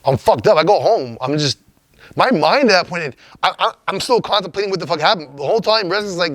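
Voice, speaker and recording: A young man from Los Angeles tells a story in a casual interview, his speech loose, profane and full of restarts. His voice sits a little high for a man. The sound is dry and close, with almost no room around it. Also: quick pace, dry recording. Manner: profane, rambling, animated. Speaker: graffiti writer.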